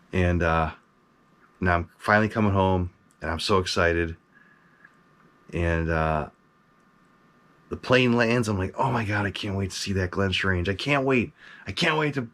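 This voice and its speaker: A man hosting his own collector channel, casually telling a story to camera and acting out what he and a friend said. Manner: animated, acts out his own past quotes with rising pitch. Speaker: mask collector and host.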